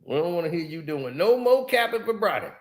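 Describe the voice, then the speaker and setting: Brief: lively male guest, upper-pitched voice, slangy, laughs through his stories. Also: brisk. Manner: animated, laughs often, slangy storytelling. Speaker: guest, former basketball player. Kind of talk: casual podcast chat.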